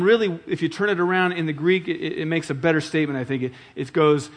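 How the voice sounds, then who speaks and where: Middle-aged man, pastor mid-sermon; emphatic, questioning the congregation, voice a touch high. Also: quick pace, few pauses. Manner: emphatic, repeats key phrases, asks the congregation questions.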